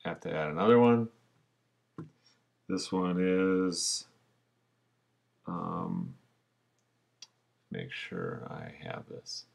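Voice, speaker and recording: Slow, deep-voiced man teaching a screencast. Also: creaky, slightly rough. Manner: relaxed, talks through each step as he clicks. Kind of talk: screencast tutorial narration.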